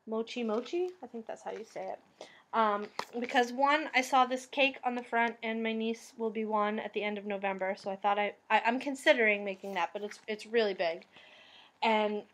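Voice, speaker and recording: Chatty woman with a Boston accent. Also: on the high side. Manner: chatty, rambling, many "um"s. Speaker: crafting vlogger. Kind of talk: casual crafting vlog chat.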